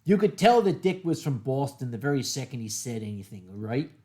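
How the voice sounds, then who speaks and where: A middle-aged man hosting a casual stream, telling wry, drawn-out anecdotes with deadpan punchlines. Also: medium pitch. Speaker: streamer host. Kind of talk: casual storytelling chat.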